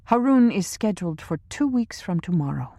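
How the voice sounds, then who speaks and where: A woman's voice: lowish voice, big pitch swings, normal speed, no room sound, clean studio sound, pitched above the performer's own voice. Woman voicing a cruel, commanding villainess. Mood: threatening. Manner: sharp, sarcastic, commanding. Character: scheming ruthless woman boss, imperious and cruel. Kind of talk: audiobook character reading.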